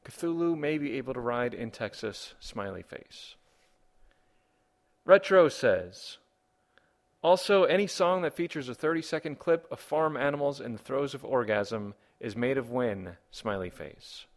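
A man's voice: medium pitch, measured pace. A man hosting a comedy podcast, reading listener comments and rambling through wry rhetorical questions. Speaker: podcast host.

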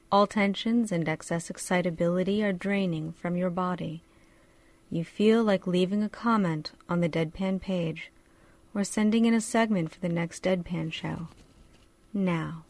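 Lady doing whispered role-play like a hypnotist, slow and lowish. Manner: slow, soothing hypnotist delivery.

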